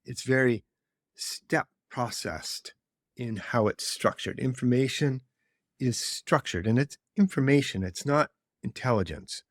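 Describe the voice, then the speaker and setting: A man calmly explaining ideas in conversation. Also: medium pitch, no echo, clean studio sound. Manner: measured, explanatory. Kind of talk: reflective conversation.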